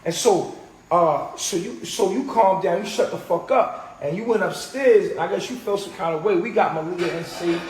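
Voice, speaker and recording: A man's voice: sits high, moderate pace. A man talking heatedly and profanely in a casual group conversation, acting out what people said. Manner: animated, profane, retells quotes. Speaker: podcast host. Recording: roomy echo with faint noise.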